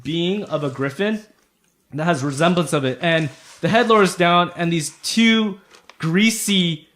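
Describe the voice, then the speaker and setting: A man's voice: a little high, a little slow, fairly bright tone. A man running a tabletop game as game master, narrating in a casual, loose way with fillers.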